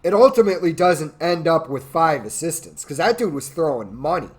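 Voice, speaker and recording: A man's voice: fairly high pitch, very animated, brisk, a little mellow. A tipsy man ranting in a crude, rambling, profane way as host of his own show. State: drunk. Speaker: podcast host. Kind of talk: drunken political rant.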